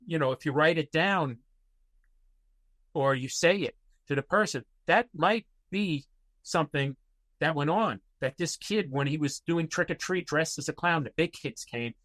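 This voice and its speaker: A man's voice: on the high side, a bit bright, no echo. A man guest on a podcast, telling personal stories in a rambling way with many fillers and restarts. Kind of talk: casual interview storytelling.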